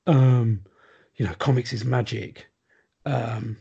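A man's voice: mid-range voice, steady tone, slow, creaky, dark tone, husky, highs cut off. A man chatting casually on a podcast, rambling with lots of ums and restarts. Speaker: podcast guest. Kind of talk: casual chat.

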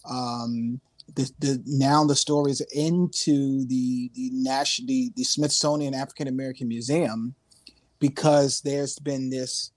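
A man from Newark, New Jersey, as a guest musician telling loose, animated stories with street slang in a casual interview. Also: mid-range voice, unhurried, no echo.

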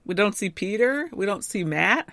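A woman's voice: mid-range voice, lively intonation, moderate pace, a bit bright, no echo, studio quality. A woman co-hosting a podcast, casually retelling a story with frequent laughs. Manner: chatty storytelling, laughs often. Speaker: podcast co-host. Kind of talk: casual chat.

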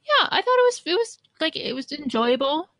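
A woman's voice: high voice, a little fast, no echo. A woman co-hosting a podcast, chatting casually about an episode with fillers like "like". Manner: relaxed, conversational with fillers like "like". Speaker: podcast co-host. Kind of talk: casual chat.

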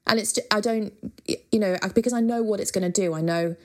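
A woman musician, guesting in a candid interview, talks frankly and chattily with many fillers and casual swearing. Her voice is mid-range and her pace is quick.

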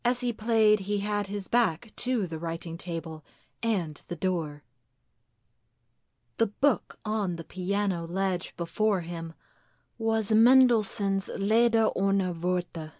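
A woman giving a scripted narration of a literary ghost story, reading in a measured, deliberate and atmospheric way. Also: medium pitch, a little mellow, no room sound, clean studio sound.

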